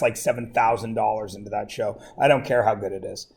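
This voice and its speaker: A man's voice: fairly low pitch, fairly even intonation, brisk, vocal fry, a little mellow, slightly rough. A man teaching a math class, chatting and teasing his students between explanations in a classroom. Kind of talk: classroom lecture.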